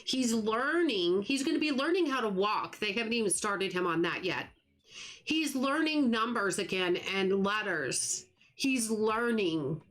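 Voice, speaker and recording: A middle-aged American woman hosting a live stream, chatting earnestly with viewers and often restarting her sentences. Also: mid-range voice. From United States. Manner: earnest, talks fast when excited, trails off and restarts. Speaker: livestream gaming host. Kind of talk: casual chat with live viewers.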